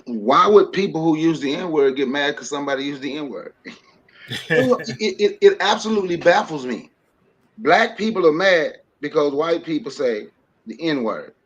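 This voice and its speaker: Male panelist, passionate preachy delivery, slightly high pitch, dull stream sound. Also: a bit bright. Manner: impassioned, preachy, with rhetorical questions and laughs. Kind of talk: livestream podcast commentary.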